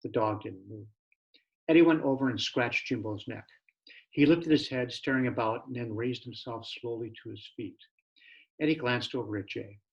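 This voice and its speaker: A man, the author, reading his own novel aloud in plain, steady narration. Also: medium pitch, normal speed, vocal fry, lo-fi sound. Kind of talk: audiobook narration.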